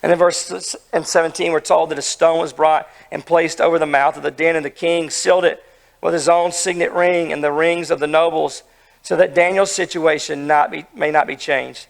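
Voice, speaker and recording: Man, hoarse, gravelly, fairly high voice, earnest sermon, emphatic. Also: steady tone, moderate pace. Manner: earnest, emphatic preaching with rhetorical questions. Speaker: pastor.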